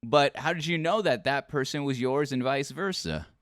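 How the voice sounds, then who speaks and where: A man hosting a casual interview podcast, asking questions in lively bursts with frequent restarts. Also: medium pitch, moderate pace, no echo, studio quality. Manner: animated, talks in bursts with restarts and laughs. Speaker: podcast host.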